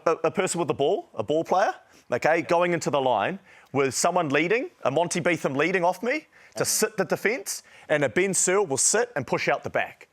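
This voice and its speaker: A man with a New Zealand accent hosting a rugby league show live in front of a crowd, energetic and jokey. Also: a little high, fairly quick. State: out of breath. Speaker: host. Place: live venue with audience.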